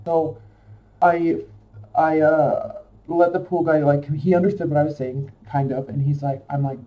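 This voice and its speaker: A man's voice: on the high side, fairly even intonation, unhurried, distant mic. A man telling a personal story in a casual, emotional, rambling way, full of fillers. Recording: dull lo-fi sound from off-mic.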